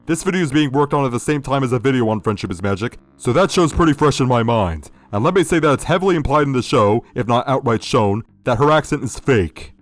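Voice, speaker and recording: Sardonic male video critic, mid pitch, dry close sound. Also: lively intonation, quick pace, hardly any pauses, no room sound. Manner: sardonic, profane. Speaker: video essay host. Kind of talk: critical review commentary.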